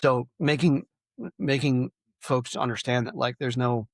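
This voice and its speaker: A man talks as a podcast guest, his voice sitting at an ordinary middle pitch. He speaks casually and plainly, often restarting his sentences. The sound is dry and close, with no room around it. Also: a little slow, no room sound. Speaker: guest, sales company leader. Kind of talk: podcast interview.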